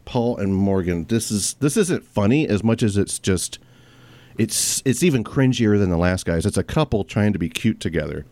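A man's voice: lowish voice, animated, a little mellow, dry recording. A man hosting a comedy podcast, telling stories in casual chat and laughing through them. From raised in a preacher's family. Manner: laughs through his stories, quick asides. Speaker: podcast host.

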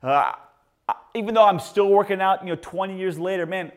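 Animated pastor man preaching. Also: brisk. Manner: animated storytelling with lively swings in pitch and loudness; prays and calls to the congregation. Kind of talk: sermon.

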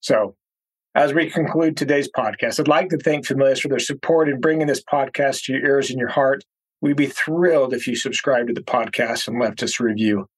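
A male podcast host with a husky voice at an ordinary pitch. He reflects on the story he just heard and wraps up the show. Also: brisk, rough recording.

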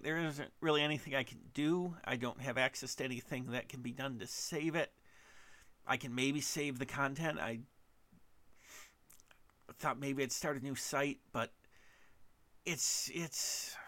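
A man hosting a solo podcast monologue, halting and self-deprecating, with frequent restarts and fillers. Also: mid-range voice, pushed and bright. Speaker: podcast host.

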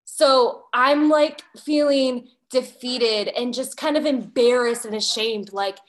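A woman guest telling a personal story in a candid, lively way, acting out her own past thoughts as she goes. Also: on the high side, slow. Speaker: podcast guest.

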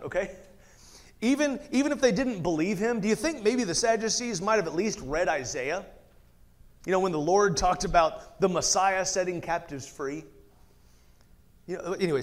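A man leading a casual Bible study, reading scripture aloud and breaking off for chatty asides. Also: high voice. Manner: conversational, laughs often, reads scripture aloud with asides. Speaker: Bible teacher.

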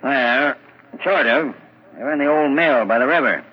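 An actor playing a calm, folksy village constable in an old radio drama. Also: male voice, medium pitch, normal speed, husky, lightly acted. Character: easygoing male village constable. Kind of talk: 1940s radio acting. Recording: thin tinny old radio broadcast.

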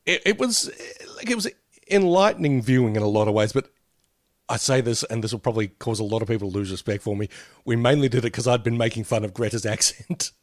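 A man's voice: medium pitch, fast, no room sound, clean studio sound. A man co-hosting a podcast, chatting casually, rambling with many fillers and frequent laughter. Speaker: podcast co-host. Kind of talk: casual chat.

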